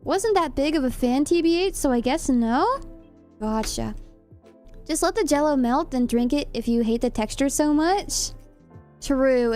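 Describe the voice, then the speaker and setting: Young female streamer, high bright voice, casual and giggly chat with viewers. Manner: giggly, chatty, reads chat aloud.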